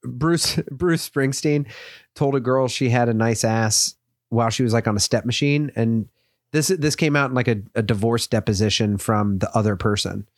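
A man's voice: medium pitch, fairly even intonation, moderate pace, no room sound, studio quality. A young man co-hosting a comedy podcast, rambling and self-deprecating, often laughing. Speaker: podcast co-host. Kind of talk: casual comedic chat.

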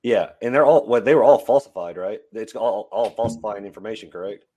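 A man's voice: lowish voice, fairly quick, warm tone. A man co-hosting a casual podcast chat, joking along in an easygoing way. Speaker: podcast co-host.

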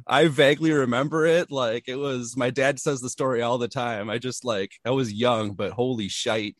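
A man's voice: medium pitch, steady tone, normal speed, dry recording. Rambling man from Wisconsin, casual guest, dry mic. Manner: rambling, lots of fillers. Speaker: podcast guest. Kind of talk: casual chat.

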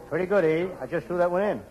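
High, excitable comedian in 1940s radio. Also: male voice, heavy background noise. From United States. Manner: excitable, childlike, punning.

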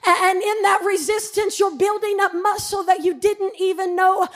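A woman pastor delivers a sermon in a strikingly high voice. She mixes light personal storytelling with fervent stretches that climb into shouted declarations. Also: steady tone, normal speed.

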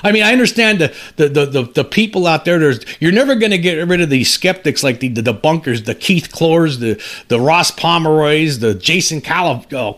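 A man's voice: a little high, lively intonation, fairly bright tone. A man in his fifties casually commenting on an article he reads aloud, stumbling and restarting, his voice climbing when he gets worked up. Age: 50s. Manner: halting, many restarts, rising when indignant. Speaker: UFO commentary channel host.

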